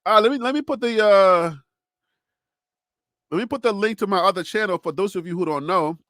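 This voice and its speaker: High-voiced Liberian man hosting a live sports stream. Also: a little fast, no echo, clean studio sound. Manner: animated, chatty, reacting to viewer comments; frequent laughs and self-talk. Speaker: sports channel host.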